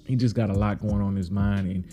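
Fast-talking man with a dark voice. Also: fairly low pitch, fairly even intonation. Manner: rambling, repeats words, acts out characters' lines loudly. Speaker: podcast host recapping a TV episode. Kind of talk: casual recap.

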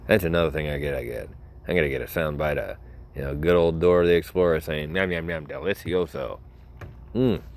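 A man's voice: very deep voice, fast talker, darkish tone, slight background noise. A young man hosting a casual show, telling rambling, joking stories with many asides and self-interruptions. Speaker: podcast host.

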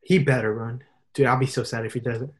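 A young man chatting casually and excitedly, with lots of slang and playful impressions. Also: medium pitch, brisk. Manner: animated, slangy, puts on voices for fun. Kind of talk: casual chat.

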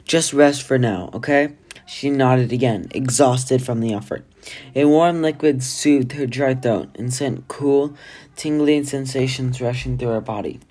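Steady amateur audiobook reader. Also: medium pitch, a little slow. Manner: plain steady reading, restarts after slips. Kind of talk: amateur novel read-aloud.

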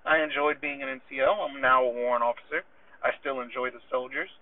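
A man, an army warrant officer, hosting his show and telling a story casually, acting out the back-and-forth dialogue with lively energy. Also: medium pitch, fast, dry recording. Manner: animated retelling full of quoted back-and-forth dialogue. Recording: tinny phone-like dry sound.

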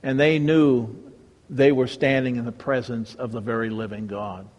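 A male pastor preaching a sermon with a dramatic delivery that swings from raised emphasis to hushed, reverent tones. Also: mid-range voice, steady tone, normal speed, in a large hall.

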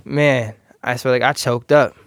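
A man's voice: mid-range voice, fairly even intonation, measured pace, fairly bright tone, smooth, no echo, studio quality. A young man in casual, crude banter with a co-host, joking and laughing in loose slang.

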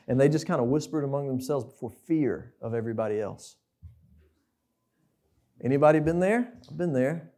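A man's voice: a little high, dark tone. A young man preaching a conversational sermon, asking the listeners questions.

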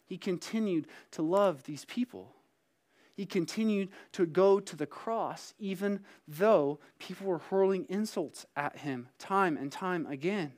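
Young man preaching, casual storyteller, fairly high voice, acts out dialogue. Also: unhurried, darkish tone. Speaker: site pastor. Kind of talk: sermon.

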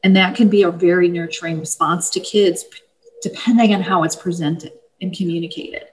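A woman, an author of parenting books, explaining her books and advice in a steady, easygoing interview manner with small fillers. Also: lowish voice, brisk, slight background noise, poor audio. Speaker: parenting book author, guest. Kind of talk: casual interview talk.

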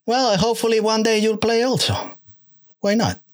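A man's voice: sits high, normal speed. A man hosting a casual interview, easygoing and friendly, often repeating his phrases. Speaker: interviewer host.

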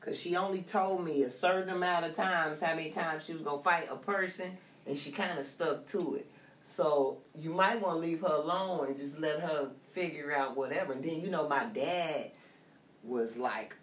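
A woman's voice: low voice, a little slow, a little hiss or hum. Blunt, streetwise middle-aged woman. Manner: blunt, streetwise, animated storytelling. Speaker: guest sharing her story. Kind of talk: casual conversation. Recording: echoey room, somewhat far from mic.

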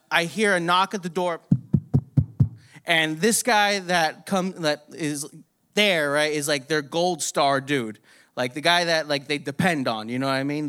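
A young man telling a story in a casual, profane, animated way, laughing often. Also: a little high, clear, resonant tone.

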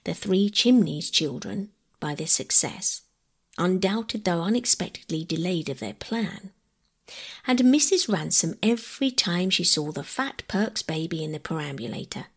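A woman reading a bedtime audiobook in a gentle, measured, breathy voice that often drops to a whisper. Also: lowish voice, lively intonation. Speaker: narrator. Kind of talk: soft bedtime audiobook narration.

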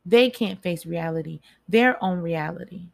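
Woman, kinda low voice, chatty motivational talk, repeats stuff for emphasis, talks right to you. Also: a little slow, vocal fry. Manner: chatty, repeats phrases for emphasis, speaks straight to listeners. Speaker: motivational speaker.

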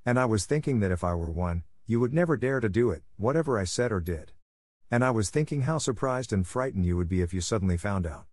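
A man's voice: lowish voice, fast talker, no room sound, studio quality. A man voicing a proud, composed young girl. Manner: calm, polite, grand.

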